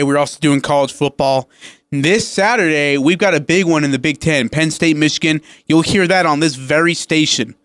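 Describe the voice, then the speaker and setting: Male sports radio co-host, emphatic and opinionated, slightly higher voice, dry studio sound. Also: fairly bright tone, clean tone, dry recording. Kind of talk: casual sports talk.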